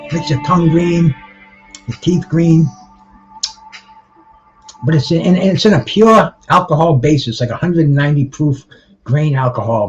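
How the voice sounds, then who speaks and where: A man hosts a live boxing chat stream, rambling along, restarting his sentences and greeting viewers by name. His voice sits a little high for a man. The sound is dull and lo-fi, with faint music playing underneath. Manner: restarts and repeats words often.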